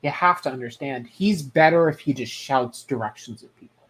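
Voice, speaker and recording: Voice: mid-range voice, normal speed, a bit bright. A podcast co-host chatting casually in a recap, with dry sarcasm and casual swearing.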